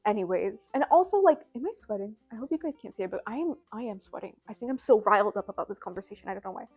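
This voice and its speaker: A woman's voice: medium pitch, expressive, racing, darkish tone, slightly rough, soft background music. A young adult woman vlogging from home in a casual, rambling, self-deprecating way, with lots of fillers. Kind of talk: casual chat to camera.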